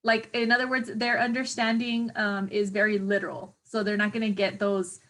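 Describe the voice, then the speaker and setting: Woman instructor, mid-pitch, casual lecture delivery, filler-heavy, searches for words. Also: little pitch movement, moderate pace, a bit bright. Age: adult parent of a young child. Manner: chatty, hesitant, many fillers, searches for words. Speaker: teacher educator. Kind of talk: exam review lecture.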